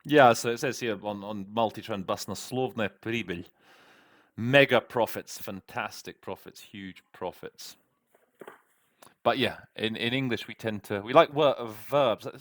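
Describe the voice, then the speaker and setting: A middle-aged man, a conference interpreter, interpreting a speech and then talking through his word choices, often pausing and restarting. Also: on the low side, fairly bright tone, no room sound, studio quality. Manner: thinks aloud, hesitant, many restarts. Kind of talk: interpreting practice with commentary.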